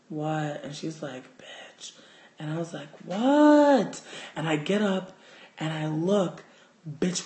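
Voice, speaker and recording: A man telling a wild story to his livestream in a casual, profane, animated way, recorded on a phone at home. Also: on the high side. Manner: animated, profane, gets loud and excited in the telling. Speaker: livestream host. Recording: roomy echo.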